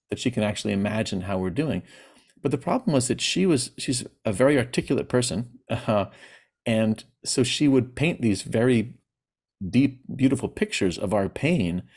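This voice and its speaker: A man's voice: medium pitch, a little mellow. A man giving a personal talk on grief, speaking candidly and plainly, with hesitant restarts. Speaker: presenter.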